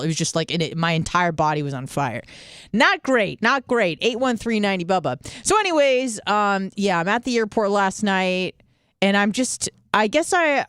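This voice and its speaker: A woman's voice: on the low side, clear, resonant tone, no room sound, clean studio sound. A woman in her thirties from the United States hosting a radio show, telling rambling stories with lots of swearing and quoted asides. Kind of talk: casual radio monologue.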